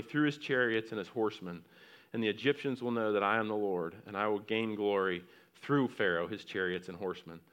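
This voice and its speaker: A man preaching a sermon, reading scripture aloud and asking the congregation questions, swinging from loud rising exhortation to hushed near-whispers. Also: mid-range voice, clean tone. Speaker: pastor.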